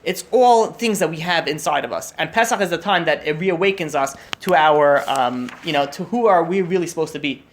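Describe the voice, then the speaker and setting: A man teaching through stories, talking fast and excitedly, acting out the quoted lines and often restarting his sentences. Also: fairly high pitch, slight background noise. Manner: animated, acts out quotes, many restarts. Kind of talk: storytelling lesson.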